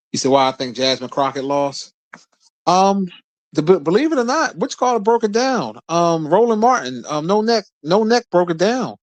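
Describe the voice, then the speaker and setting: A man hosts a stream with casual, blunt, profane commentary, often stumbling and repeating words as he starts his sentences. His voice is mid-range and the recording has no room sound.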